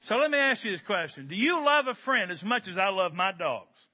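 A man preaching a sermon as a pastor, animated and joking in a conversational way. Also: high voice, fairly quick. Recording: dull lo-fi recording.

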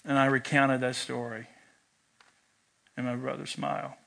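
A man's voice: medium pitch, measured pace, creaky. A man preaching a sermon, telling a personal story and acting out its lines. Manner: animated storyteller, shouts quoted lines. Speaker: pastor.

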